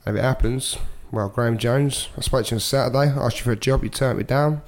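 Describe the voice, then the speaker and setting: A man's voice: mid-range voice, brisk. A man with a Scouse accent, co-hosting a casual podcast, telling jokey stories and laughing often. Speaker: podcast co-host. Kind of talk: casual banter.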